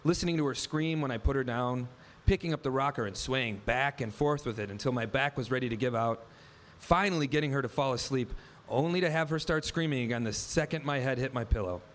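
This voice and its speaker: On stage, a thirty-something man shares a personal story wryly and vividly, performing each line of dialogue in his own words. He speaks briskly in a mid-range voice with few pauses.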